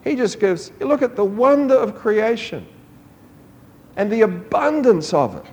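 A man's voice: unhurried, dull audio. A man preaching a sermon, telling stories and acting out quoted voices. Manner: animated storytelling, acting out quoted voices with rising pitch.

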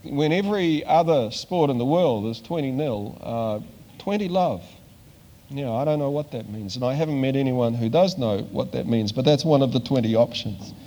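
A man's voice: medium pitch, normal speed, dark tone, big-room sound. An older man from New Zealand giving a conversational sermon as a preacher, with dry humor and frequent hesitations.

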